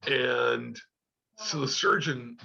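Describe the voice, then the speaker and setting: A man's voice: medium pitch, drawn-out words, gravelly, pushed and bright. Man, rambling profane storyteller, lots of fillers, muffled lo-fi sound. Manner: rambling, heavy cursing, many fillers. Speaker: podcast co-host telling a war story.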